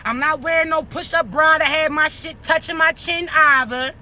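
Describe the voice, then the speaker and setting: A woman's voice: high voice, moderate pace, sharp tone. A woman in her thirties ranting bluntly to her followers in a casual vlog, swearing and firing rhetorical questions, a little out of breath, outdoors near traffic. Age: 30s. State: short of breath. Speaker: vlogger. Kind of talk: casual rant to camera.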